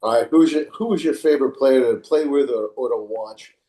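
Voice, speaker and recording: A mellow-voiced man asking a rambling question. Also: mid-range voice, a little fast. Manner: loose, restarting question. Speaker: podcast co-host asking questions. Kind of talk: casual chat.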